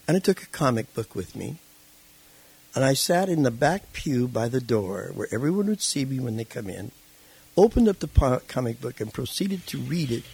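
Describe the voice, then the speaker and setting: A man tells his life story in a relaxed interview, with a gravelly, husky voice. He is animated and acts out the voices of the people in his story. His pitch sits in the middle. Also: poor audio. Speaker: interview guest. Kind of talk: casual storytelling.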